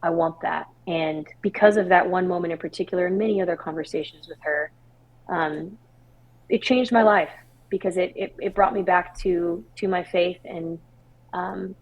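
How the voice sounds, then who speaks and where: Candid, expressive woman podcast guest. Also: fairly low pitch, normal speed, dull audio. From Washington State, US. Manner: candid, expressive storytelling with laughs and quoted dialogue. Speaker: guest singer-songwriter. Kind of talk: podcast interview, personal story.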